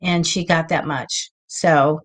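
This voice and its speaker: A middle-aged woman hosting a live psychic show, chatting casually and telling excited stories with lots of acted-out quotes. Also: deep voice, slow. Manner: chatty storyteller, lively and excitable, acts out quoted voices. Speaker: psychic reader and show host. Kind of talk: casual live-stream chat.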